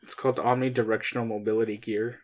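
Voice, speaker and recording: A man's voice: on the low side, level tone, quick pace. Dry, teasing young man in casual chat. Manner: dry, teasing, rambling with fillers. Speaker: podcast co-host.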